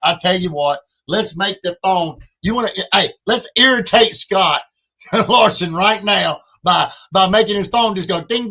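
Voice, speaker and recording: A high, bright-voiced man pushes donations in a lively livestream chat. He repeats his catchphrases and talks about himself in the third person. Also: normal speed, low-quality recording. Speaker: podcast co-host.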